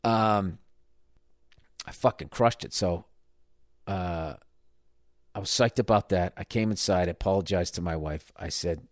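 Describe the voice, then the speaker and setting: Low-voiced man ranting in a profane monologue. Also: unhurried, long pauses, no room sound, studio quality. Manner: profane, ranting, self-mocking. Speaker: podcast host. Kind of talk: casual storytelling monologue.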